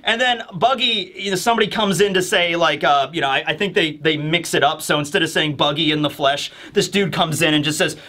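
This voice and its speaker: A man hosts a casual review and retells scenes with animated energy, acting them out as he goes. His voice is fairly high and bright, and his speech is loose and chatty. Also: a little fast, hardly any pauses. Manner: animated, storytelling, acts out scenes. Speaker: host. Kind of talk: casual manga chapter review.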